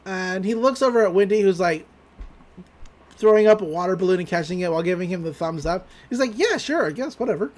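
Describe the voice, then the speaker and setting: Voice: medium pitch, fairly even intonation, brisk, a little mellow. A podcast host recapping a cartoon episode in a casual, rambling, amused way.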